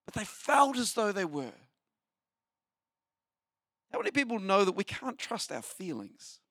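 A man preaching a sermon as pastor, animated, asking the listeners rhetorical questions. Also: high voice, unhurried, dry recording, clean studio sound. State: short on sleep.

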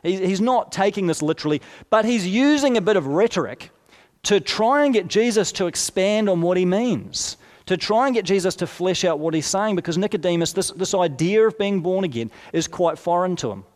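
A man's voice: high-pitched, animated, fairly quick, a little mellow. A man preaching a sermon in a conversational, explanatory way, with asides and rhetorical questions. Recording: long hall reverb.

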